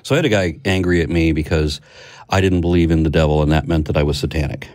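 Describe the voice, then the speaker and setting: A man co-hosting a podcast, talking in a rambling, jokey, animated way. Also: a bass voice, fast. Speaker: podcast co-host. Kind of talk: casual panel discussion.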